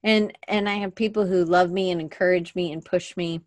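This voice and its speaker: Speaking fairly quickly with a darkish tone, a low voice and fairly even intonation, a woman podcast host livestreams casually from her desk with no room sound. She chats on and on, frequently restarts sentences and moves around while her webcam captures her.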